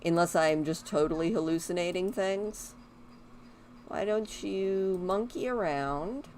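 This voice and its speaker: A woman with a lowish voice talks her way through a life-simulation game at an unhurried pace. She rambles casually and coaxes her characters along. A faint hum of noise sits under her voice. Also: a little mellow. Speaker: gaming YouTuber. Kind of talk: casual let's-play commentary.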